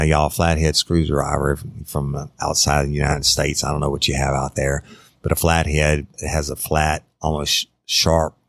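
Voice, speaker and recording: A man's voice: very deep voice, vocal fry, fairly bright tone, no echo, studio quality. A man telling a true crime story in a casual, conversational way, addressing his listeners directly.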